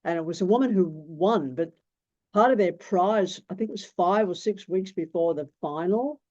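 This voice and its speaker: A man's voice: high voice, moderate pace, darkish tone. A man, teaching tarot in a blunt, rambling way and swearing freely. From Australia. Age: 60s. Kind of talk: casual teaching talk. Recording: dull lo-fi recording.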